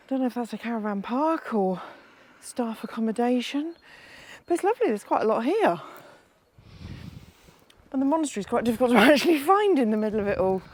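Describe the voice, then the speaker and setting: A woman records a travel vlog outdoors on a handheld camera. Her voice sits slightly high, and she rambles in a chatty way with easy laughs, a little out of breath. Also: a little mellow. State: out of breath after a climb. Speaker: travel vlogger. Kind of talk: casual travel vlog chat. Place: outdoors at a lakeside monastery.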